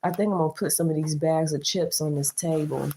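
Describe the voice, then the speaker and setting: A woman's voice: deep voice, steady tone, a little fast, warm tone, slight background noise, rough recording. Chatty woman in her thirties doing chores. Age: 30s. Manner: chatty, candid, talks to viewers as y'all. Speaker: vlogger. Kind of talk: casual chat while doing chores. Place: at home in a small apartment kitchen.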